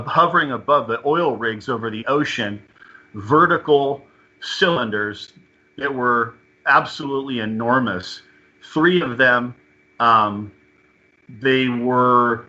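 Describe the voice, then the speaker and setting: Man, intensely sharp bright voice, halting with restarts, dull lo-fi recording. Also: mid-range voice. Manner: halting, repeats and restarts words. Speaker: interview guest. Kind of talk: telling a personal experience.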